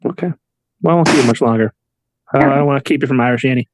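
A man's voice: mid-range voice, rapid-fire, noisy background. A man hosting a casual podcast, teasing his guest with wisecracks and loose swearing. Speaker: podcast host.

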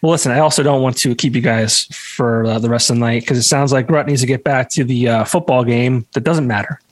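A man hosting a podcast, reacting with amused laughs and quick questions in casual chat. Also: medium pitch, no room sound. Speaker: podcast host.

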